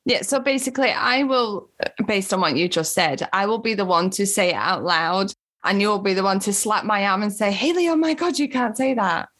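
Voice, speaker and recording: A woman in her thirties talks candidly in a casual chat, her voice sitting at an ordinary middle pitch. She tells personal stories plainly and laughs easily. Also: normal speed, a bit bright.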